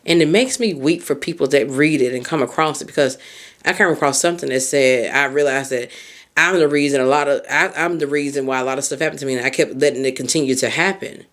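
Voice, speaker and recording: A woman hosting a podcast as a mindset coach, giving heartfelt advice and speaking straight to the listener. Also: fast talker. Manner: expressive pitch swings on emphasis.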